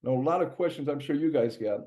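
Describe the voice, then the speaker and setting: A doctor gives a casual health presentation, talking conversationally with lots of fillers and restarts. His voice is a little high, warm and quick. The lo-fi recording sounds dull.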